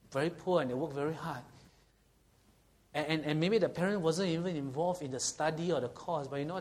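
Earnest preacher, higher voice. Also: male voice, a little mellow. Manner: earnest, asks the congregation frequent questions. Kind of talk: sermon.

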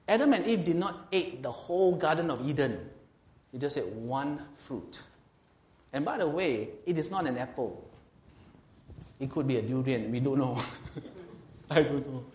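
Lively Singaporean pastor preaching. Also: male voice, a little high, reverberant. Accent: Singaporean English. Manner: lively, swings from loud to quiet, laughs often, acts out quotes. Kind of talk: sermon.

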